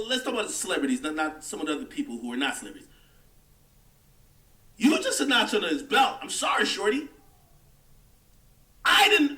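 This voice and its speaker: A man's voice: sits high, pushed and bright, roomy sound, far from the mic. A man hosting a livestream, delivering a heated, mocking rant in casual commentary. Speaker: livestream host.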